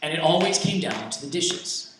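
A man's voice: on the high side, lively intonation, moderate pace, a bit bright, a little hiss or hum. Young guy preaching, super casual, keeps restarting, mic kinda far off in a roomy space. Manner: rambling, conversational, many fillers and restarts; self-deprecating humor. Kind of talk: informal sermon with personal stories. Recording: echoey room, distant mic, faint ambience.

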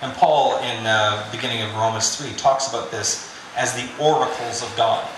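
A man's voice: mid-range voice, fairly even intonation, moderate pace, noisy background. A man preaching a sermon in a conversational, joking way. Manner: conversational and joking, with filler "you know". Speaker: pastor. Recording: very echoey room.

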